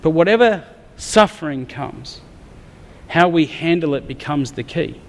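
A man's voice: on the high side, animated, measured pace. An Australian man preaching a sermon, talking candidly and conversationally with some humor. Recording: long reverb of a large hall.

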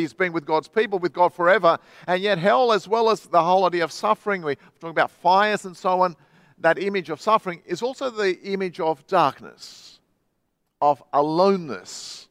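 An Australian pastor preaching in church, his voice sitting a little higher than most men's. He reads dramatically, swinging between loud and hushed, quick and slow. The sound is dry and close. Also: no echo. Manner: dramatic reading with wide swings in loudness and pace. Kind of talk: sermon.

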